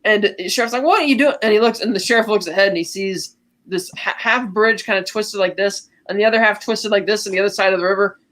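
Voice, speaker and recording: A woman co-host walks through a film's plot in relaxed, casual chat. She tells it in an animated way, with quick acted-out quotes along the way. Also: mid-range voice. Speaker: podcast co-host. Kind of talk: casual film recap.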